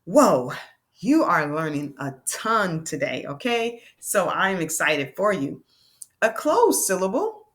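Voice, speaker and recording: Woman teacher, kinda low voice, patient and upbeat, talks kids through the lesson step by step. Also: very animated, a bit bright. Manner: patient, encouraging, calls the viewers friends, slows down to spell out sounds. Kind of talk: classroom lesson to young learners.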